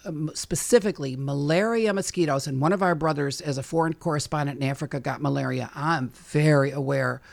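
A woman talks through her work as a guest in a casual interview. Her voice has a gravelly, fry-tinged edge. She is chatty and animated, jumping between asides and fillers. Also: deep voice, brisk, few pauses. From Chicago, USA. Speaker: guest, bug repellent maker.

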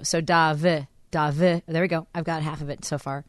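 A woman's voice: deep voice, steady tone, normal speed, no room sound, clean studio sound. A woman from Chicago hosting a radio show in casual, playful chat, laughing often and stumbling over words.

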